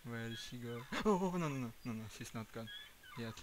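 A man's voice: mid-range voice, lively intonation, brisk, noisy background. A man streaming a horror game, jumpy and nervous, laughing and muttering to himself.

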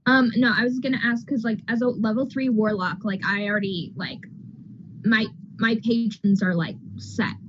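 A woman's voice: fairly high pitch, steady tone, normal speed. A woman playing a tabletop game, talking hesitantly with lots of fillers. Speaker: player. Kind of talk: casual chat. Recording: lo-fi audio with clear background noise.

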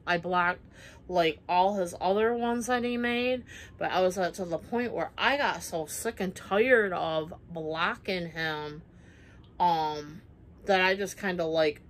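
A woman vlogger telling a personal story in casual chat, rambling with many fillers and acting out what people said. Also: lowish voice. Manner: rambling, many fillers, acts out quoted lines.

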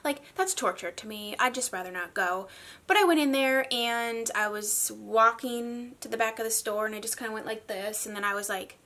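A woman talking in a casual makeup review vlog, chatty and gushing, with animated asides. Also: on the high side, moderate pace. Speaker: beauty vlogger.

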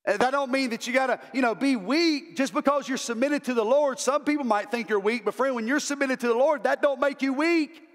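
A man's voice: very high voice, brisk, few pauses, big-room sound. A male pastor preaching an impassioned sermon, repeating words as he builds to emphatic calls. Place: church sanctuary.

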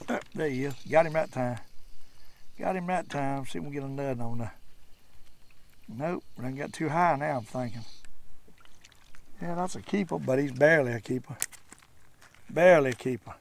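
An older man, casually commenting while fishing from a boat on a lake, folksy and repetitive, excited when he lands a fish. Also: medium pitch, moderate pace, vocal fry, long pauses. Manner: folksy, repeats himself, excited over catches. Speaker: fishing channel host.

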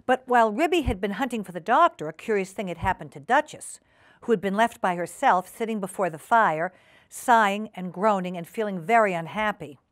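A woman hosting a community TV show, reading a children's story aloud in a gentle, unhurried way in a studio. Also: mid-range voice, animated. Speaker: storyteller host.

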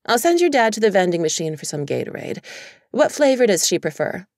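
A woman voicing a concerned middle-aged mother on the phone in an audiobook, brisk and practical. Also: mid-range voice, big pitch swings, no echo, studio quality.

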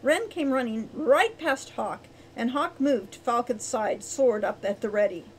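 A woman narrating a storybook chapter, acting out each character's lines with lively changes of voice. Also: fairly high pitch, measured pace, slight background noise, poor audio. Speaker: audiobook reader.

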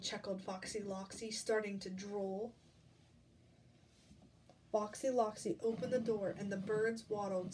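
Woman reading a kids picture book out loud, quizzing the kids on the pictures, sounds a bit far off. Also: medium pitch, a little slow, pauses often. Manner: lively, asks listeners questions about the pictures. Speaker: storybook reader. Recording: distant mic, faint background noise.

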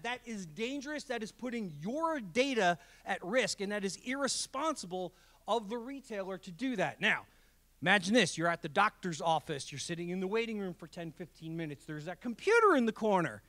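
A man giving a fast-paced, emphatic presentation talk with jokes at a community event. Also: sits high. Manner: energetic, emphatic, joking. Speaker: guest speaker. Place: college event hall.

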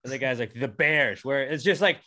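Rambling bright-voiced young podcast host. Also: male voice, medium pitch, quick pace. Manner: loose, rambling, jokey delivery with frequent fillers. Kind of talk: casual podcast banter.

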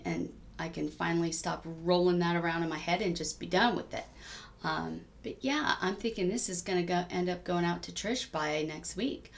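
A woman's voice: on the low side, vocal fry. A woman chatting in a rambling diary-style crafting vlog, with many ums, sounding a bit tired. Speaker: cross-stitch vlogger.

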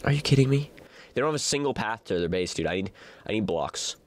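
A young man giving casual commentary on his own gameplay, excitable and rambling, often bursting into panicked shouts. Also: lowish voice, fast. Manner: excitable, yells "no" in bursts, filler-heavy rambling. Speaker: gaming YouTuber. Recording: music playing behind the voice.

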